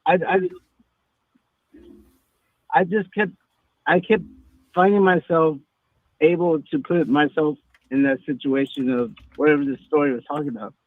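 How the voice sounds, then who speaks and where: A man's voice: a little high, steady tone, unhurried, long pauses, no room sound. A man in his thirties from Texas, calling in and telling his story in a rambling, hesitant way with many fillers. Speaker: caller. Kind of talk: casual phone-in talk. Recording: tinny phone line.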